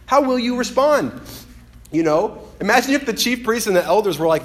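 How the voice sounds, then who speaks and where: Guy preaching a sermon, kinda high voice, chatty and animated, acts out little quotes. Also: moderate pace.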